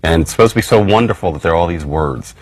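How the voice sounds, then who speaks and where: A man giving a recorded academic lecture in a wry, conversational way, jumping up high in pitch for emphasis. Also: quick pace, no echo. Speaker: university lecturer.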